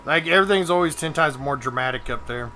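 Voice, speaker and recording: A man's voice: on the high side, fast talker, pushed and bright. A young man chatting casually while live-streaming a game, swearing and joking as he mocks other people. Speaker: gaming streamer. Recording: game music in the background.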